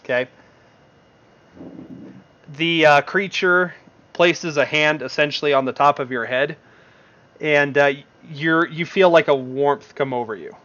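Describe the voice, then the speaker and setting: A man's voice: fairly high pitch, measured pace, long pauses, a bit bright, muffled recording. A man narrating as game master in a tabletop game, rambling with many fillers.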